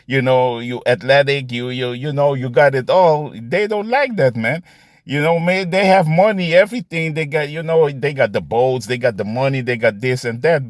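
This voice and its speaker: A man's voice: mid-range voice, dry recording, studio quality. A man preaching casually, often tagging "man" and "you see" onto his points and laughing between them. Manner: repetitive, ends phrases with "man" and "you see". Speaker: street preacher. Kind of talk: casual preaching with scripture readings.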